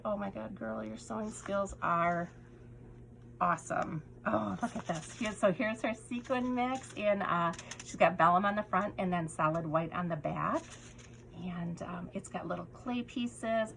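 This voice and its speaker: A woman's voice: fairly low pitch, slight background noise, low-quality recording. Gushing woman unboxing craft goodies. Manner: gushing, breathless with delight, drops to soft whispers. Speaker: craft vlogger unboxing a swap. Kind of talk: casual unboxing chat.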